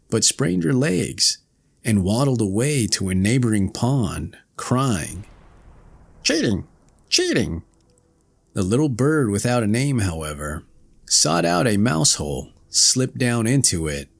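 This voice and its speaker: Gravelly, slow-reading male storyteller. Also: mid-range voice. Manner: slow, expressive fairy-tale reading. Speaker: audiobook narrator. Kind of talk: storybook narration.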